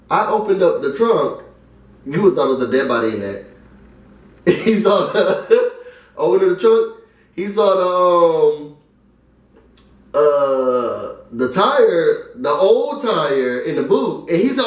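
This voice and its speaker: Animated young man telling a story. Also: fairly high pitch, measured pace, long pauses. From New York. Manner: animated, acts out the voices in his story. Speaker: vlogger. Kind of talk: casual storytelling. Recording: roomy, mic at a distance.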